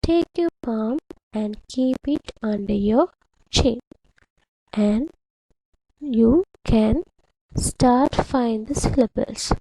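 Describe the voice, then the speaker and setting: A woman teacher speaks slowly and patiently to young pupils, sounding out words syllable by syllable. Her voice sits a little high, with a gravelly edge. The sound is dry and close, with a dark, mellow tone. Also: no echo, low-quality recording. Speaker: primary English teacher. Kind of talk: slow, deliberate classroom instruction to children.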